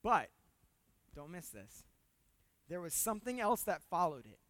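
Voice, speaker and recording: A pastor giving a conversational sermon with humor, repeating words for emphasis and swinging between loud points and hushed asides. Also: mid-range voice, very animated, a little slow, no room sound.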